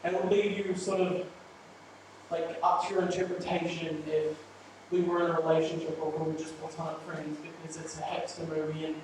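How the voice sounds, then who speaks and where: A man performing a live stand-up set, rambling through his stories in a deadpan way with plenty of ums. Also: a little high, a little fast, slight background noise. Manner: deadpan, rambling storytelling with filler words. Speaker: stand-up comedian. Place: small live venue with audience. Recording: rough, echoey room recording from a distance. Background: audience laughter.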